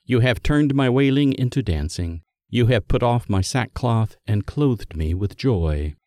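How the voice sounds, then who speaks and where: A man giving a scripted liturgical Bible reading in a measured, solemn manner that lifts for quoted speech. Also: medium pitch, animated, mellow, no room sound, studio quality. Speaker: scripture reader.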